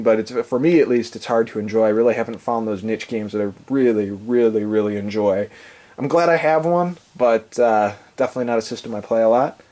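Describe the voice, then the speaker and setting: A man's voice: medium pitch, darkish tone. Congested man rambling through a game-room tour. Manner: rambling, filler-heavy, enthusiastic about gear. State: congested and breathing heavily from allergies. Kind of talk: casual off-the-cuff tour narration.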